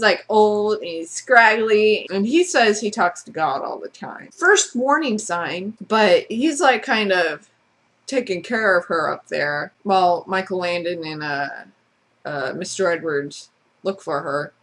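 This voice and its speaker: A woman vlogger delivers a casual, sarcastic rant, speaking bluntly and swearing freely. Her voice is medium in pitch with a fairly bright tone.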